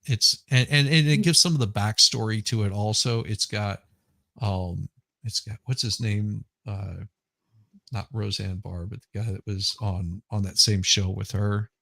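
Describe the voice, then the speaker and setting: A man's voice: on the low side, fairly even intonation, a little slow, vocal fry, sharp tone, no room sound, studio quality. A man chatting casually on a live stream, rambling and restarting as he searches for names. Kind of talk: casual chat.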